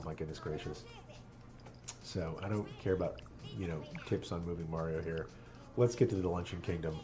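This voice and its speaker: A man rabbi chatting casually on a live stream while playing a game, earnest and moved, laughing often. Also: sits low.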